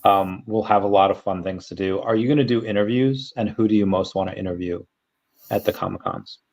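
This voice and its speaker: A man's voice: fairly low pitch, a little fast, creaky, darkish tone. A man co-hosting a live stream, chatting casually and asking his guest questions. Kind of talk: casual chat. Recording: dull, muffled audio.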